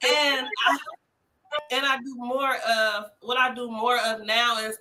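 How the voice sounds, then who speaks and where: A young adult woman hosting a casual live chat, telling stories in an animated, slangy way with lots of fillers. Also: fairly high pitch, unhurried, low-quality recording. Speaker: host, family home child care provider.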